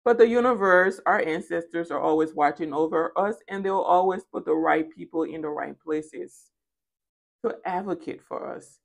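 Low-voiced woman giving a tarot reading. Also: normal speed, vocal fry. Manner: emphatic, repeats phrases for stress; casual and chatty. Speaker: tarot reader.

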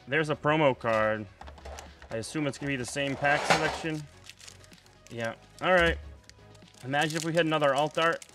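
A young man chatting casually while opening trading card packs, excitable and prone to loud outbursts. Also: mid-range voice. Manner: excitable, bursts into shouting and laughter over pulls. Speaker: card unboxing host.

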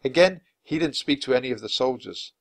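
A man reading a children's chapter book aloud at a clear, natural pace for language learners. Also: mid-range voice, lively intonation, brisk. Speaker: storyteller.

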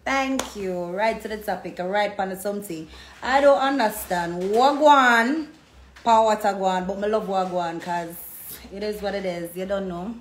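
A woman's voice: medium pitch, normal speed. A woman with a Jamaican accent chatting casually on a phone livestream from a hair salon. She tells stories in patois and acts out the voices of the people she quotes. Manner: animated storytelling in patois, acting out quoted voices. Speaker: social media personality. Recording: echoey room with faint background noise.

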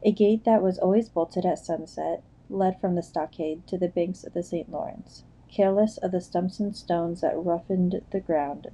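A woman narrates an audiobook with measured, steady storytelling. Her voice is low and very dark and mellow. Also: poor audio. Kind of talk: scripted narration.

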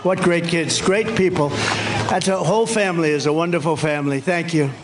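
A man's voice: a little high, fairly quick, noisy background. An older man giving an off-the-cuff campaign rally speech, rambling and repetitive, with punchy phrases. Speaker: political speaker at a rally.

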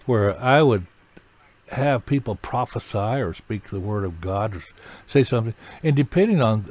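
Dramatic male preacher, muffled recording. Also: medium pitch. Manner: dramatic storytelling with sudden loud emphatic bursts. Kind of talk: sermon.

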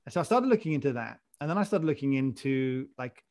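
Gravelly, chatty male podcast host. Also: medium pitch, expressive, fast talker, a little mellow. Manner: chatty, jokey, rambling with restarts. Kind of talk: casual chat.

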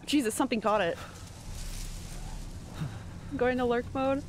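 A woman's voice: fairly high pitch, unhurried, noisy background. A woman streaming a horror game live, jumpy and reacting aloud while she chats with viewers. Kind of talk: live gameplay commentary. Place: home room.

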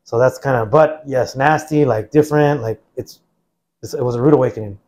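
This brisk, medium-pitched speaker is an American veteran in his forties talking casually as a guest. His account wanders comfortably, filled with "like," and he acts out what other people told him.

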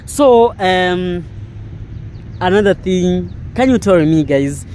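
Man, slightly high voice, gushing walking-tour vlogger. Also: slow pace, a little hiss or hum. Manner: excited, repetitive exclamations; non-native English, broken grammar. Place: outdoors in a park.

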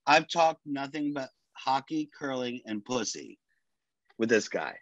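A man's voice: mid-range voice, a little slow, dry recording. A man co-hosting a podcast, telling stories in casual chat, swearing freely and quoting the people he talks about. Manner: animated storyteller, swears freely, quotes people. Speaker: podcast co-host. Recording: dull dry lo-fi sound.

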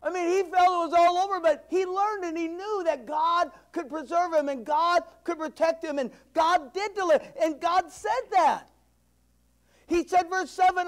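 A male pastor preaching a sermon, moving between loud, emphatic declarations and hushed, drawn-in asides to the congregation. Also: very high-pitched, takes it slowly.

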